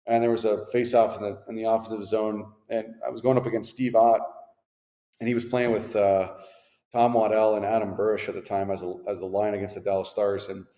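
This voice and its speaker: A man's voice: on the low side, brisk. A man in his thirties, a former hockey player, telling laid-back, slangy stories as an interview guest. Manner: laid-back, animated anecdotes with slangy asides. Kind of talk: casual storytelling interview. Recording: echoey room with long reverb.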